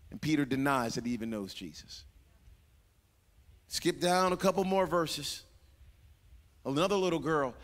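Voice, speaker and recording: A man's voice: fairly high pitch, expressive, moderate pace, long pauses, a bit bright, big-room sound. A man preaching a sermon as pastor, dramatic and acting out voices, repeating phrases for emphasis. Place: church sanctuary.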